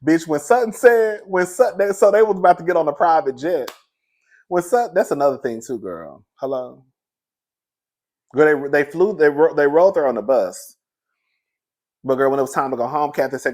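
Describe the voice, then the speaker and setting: A man's voice: fairly high pitch, animated, normal speed, darkish tone. A young man recapping a reality show in casual, sassy commentary, laughing often and calling the listener "girl".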